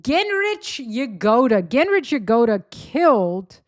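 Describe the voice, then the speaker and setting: A woman's voice: a little high, sing-song, slow pace, no room sound. Woman sneering through a dry commentary. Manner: sarcastic, mocking, rambling. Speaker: host. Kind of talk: commentary on clips.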